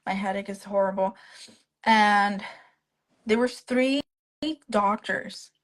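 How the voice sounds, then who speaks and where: A young woman talks into her phone on a live stream in a medium-pitched voice. She tells her story casually and keeps acting out what the other people said. Her delivery is chatty and full of quoted dialogue. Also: slow pace, rough recording. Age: young adult. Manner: animated retelling that acts out the other people's quoted lines. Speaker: guest, stroke survivor. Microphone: phone on a live video stream.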